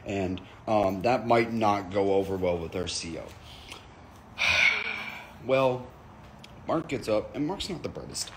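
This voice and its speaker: A man's voice: on the low side, animated, takes it slowly, pauses often, background noise. A man telling a rambling, profane comic anecdote in a casual storytelling style.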